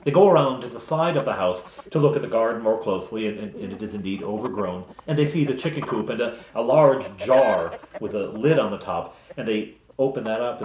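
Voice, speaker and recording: A man runs a tabletop game as game master, describing scenes in a relaxed, rambling way with many fillers. His voice sits fairly low. The room adds a noticeable echo. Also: slight background noise.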